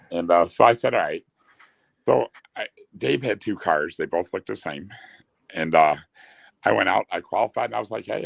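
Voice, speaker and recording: A man's voice: sits low, creaky, fairly bright tone, no room sound, poor audio. A middle-aged man telling stories in casual chat, laughing often and restarting his sentences. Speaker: guest, former speedway owner. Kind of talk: casual storytelling.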